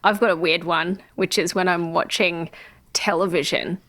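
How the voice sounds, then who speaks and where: A woman co-hosting a podcast in casual chat, playful and quick to laugh. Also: fairly low pitch, fairly even intonation, fairly bright tone. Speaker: podcast co-host.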